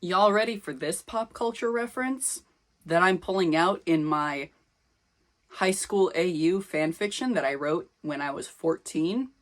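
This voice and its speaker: A woman's voice: lowish voice, measured pace. A young woman reading her old teen fan fiction aloud, with sarcastic, self-mocking comments in between.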